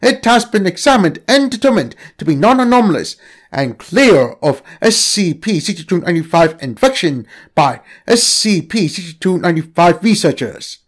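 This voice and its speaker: A man reading a story aloud as narrator, in an expressive storytelling manner. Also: high voice, normal speed. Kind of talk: scripted narration.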